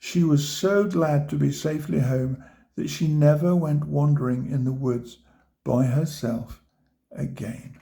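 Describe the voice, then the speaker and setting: A man reads a children's picture book aloud at a very unhurried pace, stopping to point out the pictures. His voice is gravelly and mellow, sitting a touch high for a man. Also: fairly even intonation. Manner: gentle, pointing out pictures to listeners. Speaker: storybook reader.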